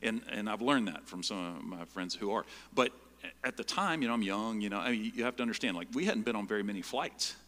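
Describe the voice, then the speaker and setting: Man preaching with a bright, forceful voice. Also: fairly low pitch, quick pace, long reverb tail. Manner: conversational, keeps asking "right?" of listeners. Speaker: pastor. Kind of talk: sermon with personal storytelling.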